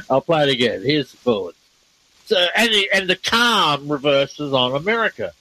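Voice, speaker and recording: A slightly high-voiced man hosts a casual talk show. He explains things eagerly, stops and restarts his sentences, and spells out words letter by letter. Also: big pitch swings, unhurried, bright, forceful tone, rough recording. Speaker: host presenting reversed speech clips. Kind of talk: casual radio discussion.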